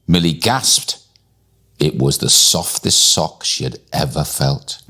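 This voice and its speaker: A man reading a bedtime story aloud in an expressive, deliberate storytelling manner. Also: sits low.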